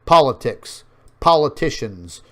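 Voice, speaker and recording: A man's voice: medium pitch, sing-song, a little slow, fairly bright tone. A man hosting an online show, talking viewers through on-screen maps in a rambling way with many fillers, and addressing them as folks. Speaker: online news show host. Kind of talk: casual commentary over on-screen maps.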